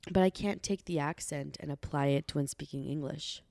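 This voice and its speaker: Young woman, low voice, deadpan banter. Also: brisk, creaky, no echo. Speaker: podcast co-host. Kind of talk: casual chat.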